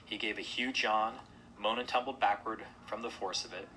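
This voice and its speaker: A man narrating a children's storybook aloud, gentle with occasional slips. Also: fairly low pitch, steady tone, moderate pace, a little hiss or hum, rough recording.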